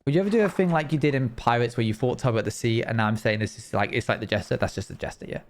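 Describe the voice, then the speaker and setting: A man's voice: medium pitch, rapid-fire. A young man chatting casually and rambling while he plays a game on a live stream, laughing now and then.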